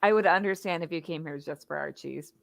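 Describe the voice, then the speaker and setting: A woman's voice: deep voice, fairly quick, vocal fry. A woman co-hosting a casual chat show, upbeat and leading the segments. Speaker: co-host.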